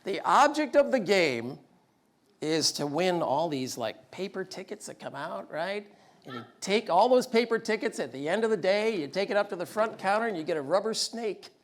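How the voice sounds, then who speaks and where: Guy with a high voice doing a wry, self-deprecating story talk, lots of ups and downs. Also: sing-song, moderate pace. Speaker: public speaker.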